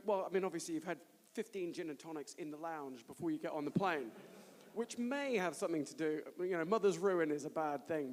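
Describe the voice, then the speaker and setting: A man's voice: fairly high pitch, darkish tone. A man hosting a live conference, introducing speakers while breaking into laughter. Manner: giggly, keeps breaking into laughter. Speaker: conference host. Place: large hall with long reverb. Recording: live conference hall reverb.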